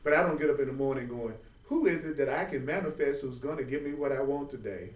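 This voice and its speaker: A man giving an informal spiritual class, talking in a lively, colloquial way and often laughing. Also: medium pitch, fast talker. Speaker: spiritual teacher. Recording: roomy sound from a distant mic.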